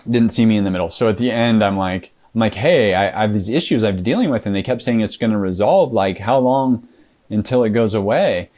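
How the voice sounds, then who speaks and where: A man with a fairly low voice recounts his experience to an interviewer. He talks casually and rambles, leaning on fillers and restarting his sentences. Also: fairly quick, darkish tone. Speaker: interview guest.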